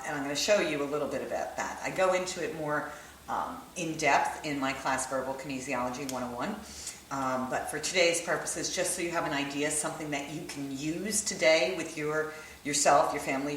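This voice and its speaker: Low-pitched female teacher, chatty explainer, echoey room, mic set back. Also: a bit bright, distant mic, a little hiss or hum. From United States. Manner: conversational, checks in with "right?" and "okay?". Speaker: holistic kinesiology teacher. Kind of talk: explanatory lesson to camera.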